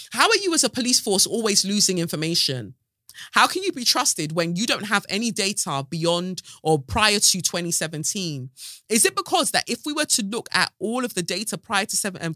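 A woman's voice: on the low side, pushed and bright, dry recording, studio quality. A woman hosting a podcast, giving casual commentary in an outspoken, sarcastic way with muttered asides. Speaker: podcast host.

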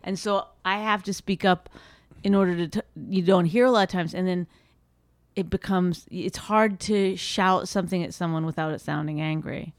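A woman co-hosting a comedy podcast, bickering and laughing with quick comebacks in a low voice she says can sound like a man's. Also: fairly even intonation, dry recording, studio quality. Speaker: podcast co-host. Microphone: studio microphone.

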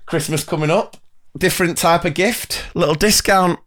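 A man's voice: fairly high pitch, moderate pace, fairly bright tone. A young adult man co-hosting a teachers' podcast, reading listener stories in casual chat and laughing often.

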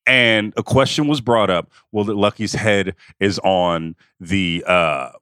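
A man's voice: on the low side, slow, pushed and bright, clear, resonant tone, dry recording, studio quality. A man co-hosting a podcast, telling a sports story in casual chat with lots of repeated phrases. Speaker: podcast co-host.

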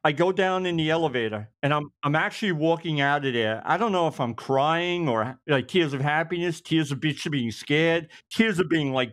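A man, a retired police officer telling lively stories and acting out the lines of the people in them. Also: on the high side, normal speed. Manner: animated, acts out others' lines in quotes. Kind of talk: anecdotal storytelling.

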